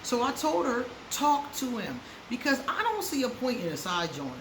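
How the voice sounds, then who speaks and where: A woman's voice: a little high, huge pitch swings, brisk. A woman giving frank relationship advice to her viewers in a casual chat, laughing often and repeating words for emphasis. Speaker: astrology advice vlogger. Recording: roomy echo with faint background noise.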